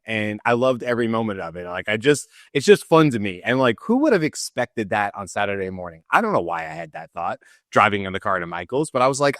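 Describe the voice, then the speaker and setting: A man co-hosting a show, telling a story in an animated, laughing way in casual chat. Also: lowish voice, fast, no echo, studio quality. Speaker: show co-host.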